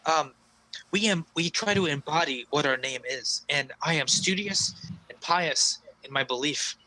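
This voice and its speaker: Guy doing a earnest pious tiefling paladin, formal and eager, bright voice. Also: on the high side, a little slow, low-quality recording. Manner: formal, eager, stumbling politeness.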